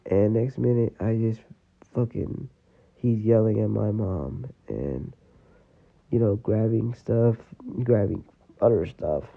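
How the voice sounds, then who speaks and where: A man's voice: lowish voice, slow pace, creaky. A man telling a personal story in a casual, rambling way, full of fillers. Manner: rambling, full of "you know" and "like". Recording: tinny phone-like audio.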